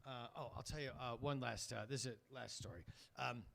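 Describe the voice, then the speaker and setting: A man's voice: mid-range voice, fairly even intonation, fairly quick, vocal fry, fairly bright tone. A middle-aged man hosting a comedy show, telling loose, profane stories in a stand-up set. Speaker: comedy host.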